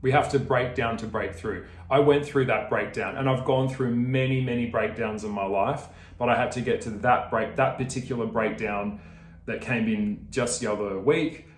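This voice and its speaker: Aussie guy ranting to camera, swears a lot, mid-pitched voice, roomy echo. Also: steady tone, moderate pace. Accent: Australian. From Australia. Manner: swearing, ranting, laughing, addresses viewers directly. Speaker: video creator. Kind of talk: casual vlog chat.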